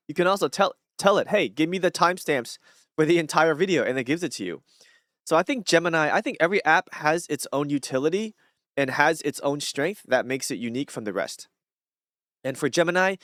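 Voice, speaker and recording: A man's voice: a little high, fairly bright tone, no echo, clean studio sound. A man chatting casually on a live stream, rambling with many fillers and restarts.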